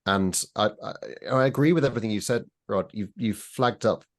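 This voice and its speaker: A man with a fairly low voice talks casually on a podcast panel. He gives his views in a dry, wry way, with a critical edge. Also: fairly quick. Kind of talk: casual chat.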